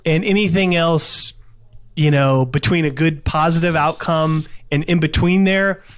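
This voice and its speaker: A man's voice: a little high, fairly even intonation, a little slow, dry recording. A male podcast host with a slightly raised voice, reflecting and giving advice in an easy coaching manner. It is recorded close and dry. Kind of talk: conversational interview.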